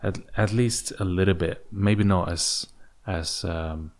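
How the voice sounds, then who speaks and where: A man's voice: low voice, fairly even intonation, takes it slowly, a little mellow. A young man hosting a solo podcast, rambling in a put-on British accent, with many fillers and restarts. English is not his first language. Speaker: podcast host.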